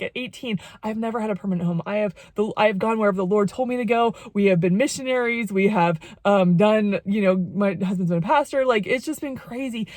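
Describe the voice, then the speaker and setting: Woman vlogger, emotional testimony, rambling and repetitive delivery, mid pitch, dry close mic. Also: no room sound. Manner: rambling, repeats phrases, many "like"s. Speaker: jewelry vlogger and former missionary.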